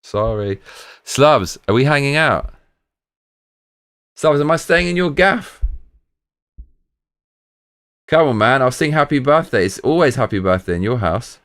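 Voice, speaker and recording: A man's voice: mid-range voice, expressive, measured pace, pauses often, fairly bright tone. A British man hosting a live stream, rambling casually with plenty of swearing and slang.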